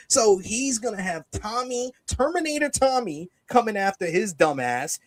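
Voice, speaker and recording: A man co-hosts a TV review show, recapping an episode in a casual, animated way and acting out the characters' lines. His voice is high-pitched, and there's no room sound.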